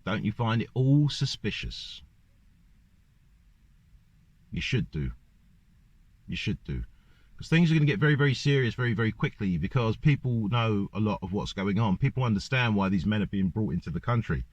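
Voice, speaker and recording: A man's voice: on the low side, lively intonation, normal speed, pauses often, no echo. A man ranting in a monologue to camera, firing off one rhetorical question after another. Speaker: vlogger. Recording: dull lo-fi dry recording.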